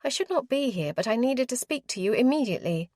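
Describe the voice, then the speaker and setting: A woman's voice: on the high side, animated, fast talker, a little mellow, no room sound, studio quality, pitched above the performer's own voice. A woman voicing a proud, well-bred young lady who is nervous but insistent, speaking in a prim, formal way. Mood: sharp, determined.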